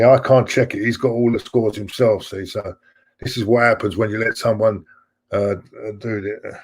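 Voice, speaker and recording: A middle-aged man hosting a fan live stream, rambling and repeating himself as he chats to viewers. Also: lowish voice. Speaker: fan channel host. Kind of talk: live-stream chat reading viewer messages.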